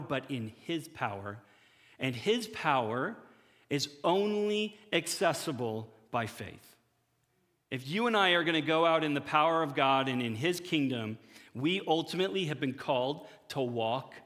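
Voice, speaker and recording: A male pastor giving a conversational sermon to his church, often acting out quick imagined dialogues. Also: on the high side, fairly bright tone, big-room sound.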